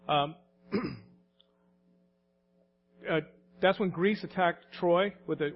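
High-voiced man preaching a folksy sermon. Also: dull audio, a little hiss or hum. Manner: folksy storytelling, repeats words.

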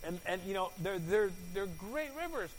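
A man preaching a sermon, asking his congregation questions and repeating words, his volume swinging from loud to soft. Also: high voice, sing-song, normal speed, a little hiss or hum, poor audio. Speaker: pastor.

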